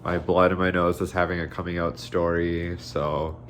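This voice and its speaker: A man's voice: low-pitched, flat delivery, moderate pace, a little hiss or hum. A young man talking casually to camera at home, rambling with lots of fillers. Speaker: vlogger. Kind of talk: casual vlog talk to camera. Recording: background music, voice a bit distant. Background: soft background music.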